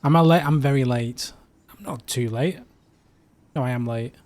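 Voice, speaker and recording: A UK man hosts a casual livestream, chatting at normal speed in a medium-pitched, darkish voice. His talk rambles and is full of fillers.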